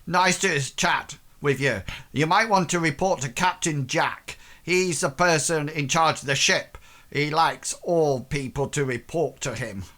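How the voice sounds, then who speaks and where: Man doing a chatty, modest quartermaster, bright and friendly. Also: a little high, unhurried.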